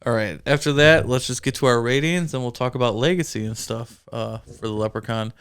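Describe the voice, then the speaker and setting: A man's voice: medium pitch, a little fast, a bit bright, clean tone. A man co-hosting a casual movie review chat, laughing easily as he talks. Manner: chatty, laughs often. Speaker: podcast co-host.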